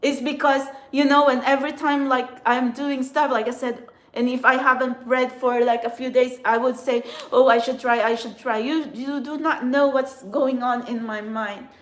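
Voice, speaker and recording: Woman tarot vlogger, high voice, heated swearing rant, echoey room. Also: fairly even intonation, normal speed. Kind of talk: angry ranting monologue.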